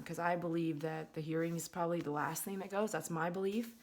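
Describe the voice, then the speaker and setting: Speaking from her bedroom at home, a dog groomer who hosts her own channel rambles through a casual vlog story, full of fillers and restarts. Her voice is lowish and steady, and she talks briskly with few pauses.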